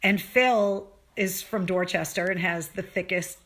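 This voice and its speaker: A woman's voice: on the low side, fairly even intonation, measured pace, fairly bright tone. A woman hosting a casual livestream for her viewers, talking earnestly and emotionally, swearing freely and restarting her sentences as she goes. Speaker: livestream show host.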